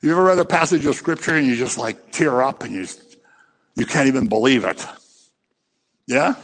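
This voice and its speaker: A man's voice: mid-range voice, moderate pace, big-room sound. A man preaching a sermon, impassioned and scolding, who acts out little scenes as he goes.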